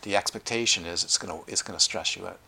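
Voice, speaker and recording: A middle-aged man teaching meditation at a retreat, talking in an animated way with playful asides. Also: low-pitched, fast talker, gravelly, slightly rough. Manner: animated, acts out quoted voices, lively asides. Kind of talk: dharma talk at a retreat.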